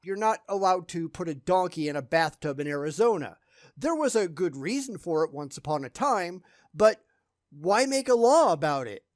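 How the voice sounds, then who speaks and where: A man's voice: sits high, animated, normal speed, no room sound, studio quality. A man giving sarcastic reaction commentary, blunt and scornful in how he talks.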